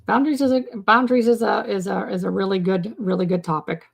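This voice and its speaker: A woman's voice: medium pitch, fairly even intonation, quick pace, gravelly, breathy edge. A woman hosting a casual live stream about mental health. She rambles, restarts her sentences and fills them with "you know" and "um" as she chats with viewers in the comments. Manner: rambling, with many fillers and restarts.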